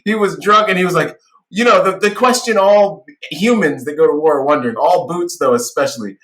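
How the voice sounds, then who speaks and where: A man's voice: on the high side, brisk, a bit bright. A man who is a guest on a podcast, telling stories casually and animatedly with slang and laughter. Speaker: podcast guest, security professional. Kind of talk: casual storytelling.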